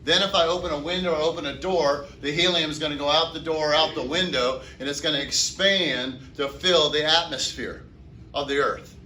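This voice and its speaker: Male teacher mid-lecture; bright, forceful tone; asks and answers his own questions; mic far off in an echoey room. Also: on the high side, fairly even intonation, normal speed, a little hiss or hum. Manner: asks the class questions and answers them himself. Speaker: chemistry teacher. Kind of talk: classroom lecture. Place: classroom.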